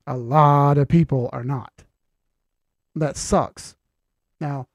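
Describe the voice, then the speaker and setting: A man's voice: on the high side, creaky, darkish tone, no echo. A man hosting a casual livestream, chatting in a laid-back way with many fillers and reading out viewer questions.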